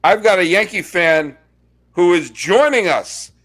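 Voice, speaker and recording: A man hosting a sports podcast, chatting casually and telling wry stories with quick asides. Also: sits high, animated, fairly bright tone. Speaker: podcast host.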